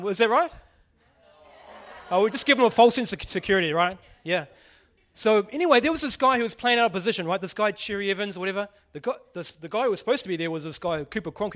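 Man, casual sermon, joking, asks the crowd questions, fairly high voice. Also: fairly bright tone. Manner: chatty, jokey, asks the audience questions. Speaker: preacher.

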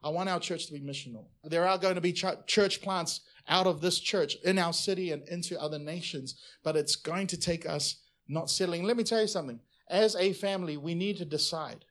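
Animated preacher man, fairly high voice. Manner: animated, swings from loud to quiet, chatty asides. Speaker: pastor. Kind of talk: sermon.

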